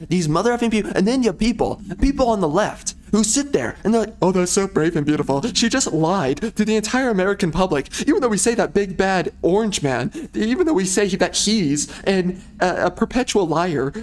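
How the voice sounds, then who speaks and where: A man's voice: high-pitched, a little hiss or hum. Ranting, rambling male game commentator. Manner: rambling, ranting, sarcastic asides. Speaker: gamer playing through a video game. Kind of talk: casual gameplay commentary.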